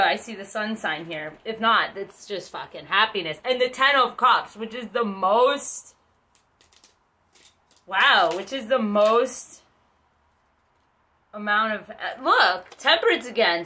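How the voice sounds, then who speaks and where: A woman's voice: medium pitch, animated, measured pace, bright, forceful tone. A woman giving a casual tarot reading, rambling and chatty with lots of swearing. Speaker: tarot reader.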